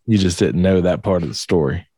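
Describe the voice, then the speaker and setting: A man's voice: deep voice, brisk, dark tone, husky, dry recording. A man in casual chat, joking and spinning a wry tale.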